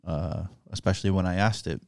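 A man's voice: sits low, a little fast, vocal fry, no echo, studio quality. A young man co-hosting a podcast, reflective and earnest, with casual swearing. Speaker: podcast co-host. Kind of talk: candid podcast chat.

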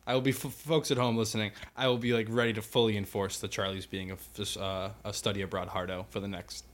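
A man's voice: lowish voice, level tone, fast. Young man with dry, teasing quips. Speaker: podcast co-host. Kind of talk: casual chat.

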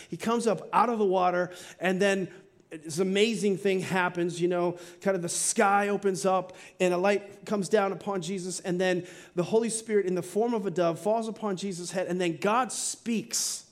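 High-voiced preaching man. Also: fairly even intonation. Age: middle-aged. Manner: earnest, preaching with slow emphatic stretches and quick asides. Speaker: pastor. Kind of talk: sermon. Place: church sanctuary.

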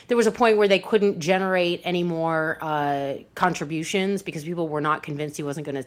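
A woman co-hosting a casual political talk show, talking in a conversational way and quick to add her own points. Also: low-pitched. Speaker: regular co-host.

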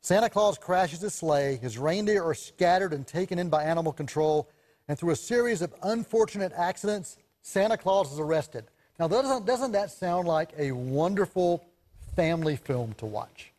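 Need a lively, slightly higher-voiced man co-hosting a film chat show, chatty storyteller who laughs a lot. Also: normal speed. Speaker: co-host, film reviewer. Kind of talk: casual chat about movies.

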